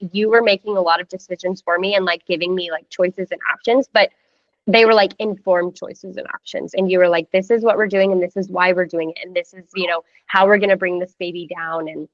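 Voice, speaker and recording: A woman in her thirties telling her birth story in a casual, animated way, full of "like" and acted-out quotes. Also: medium pitch, no room sound, dull audio. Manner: animated, heavy use of "like", acts out quoted voices. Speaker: podcast guest sharing a birth story.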